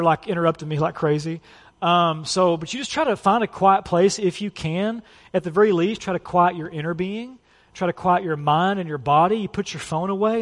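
A pastor in his thirties preaches in an easygoing, conversational way, dropping in "like" and "you know" as he talks. His voice sits a little high for a man. The sound carries a long reverb from a church hall. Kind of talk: sermon. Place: church sanctuary.

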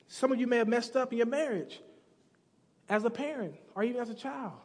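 A man's voice: extremely high pitch, fairly quick, long reverb tail. A man preaching a sermon, telling stories and acting out characters in a casual, slangy way. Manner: acts out characters with slang voices. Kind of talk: sermon storytelling. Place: church sanctuary.

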